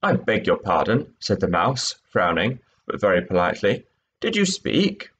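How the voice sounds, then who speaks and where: A man's voice: fairly low pitch, wildly swooping pitch, moderate pace, a bit bright, highs cut off. A man reading aloud and voicing a small, pompous male mouse in a storybook, formal and stern. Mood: stiff.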